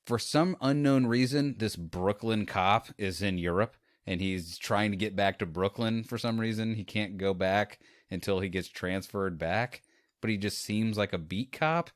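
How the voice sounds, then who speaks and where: A man co-hosting a podcast, chatting casually about a movie and retelling scenes in a rambling, animated way. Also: on the low side, a little slow, dry recording, studio quality. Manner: rambling, animated retelling with quoted lines and laughs. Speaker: podcast co-host. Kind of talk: casual movie review chat.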